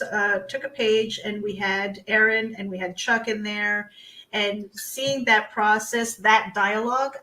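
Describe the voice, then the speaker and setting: A woman's voice: medium pitch, sharp tone, a little hiss or hum, low-quality recording. Thoughtful woman in a panel chat. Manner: thoughtful, halting, many restarts. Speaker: panel guest.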